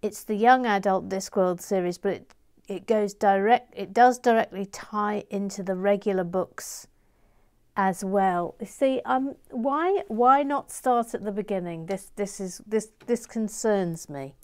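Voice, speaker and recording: A woman's voice: medium pitch, measured pace, a little mellow. A woman building a Lego set on a video stream, chatting casually and reading viewers' comments aloud with frequent laughs. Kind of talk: casual chat while building.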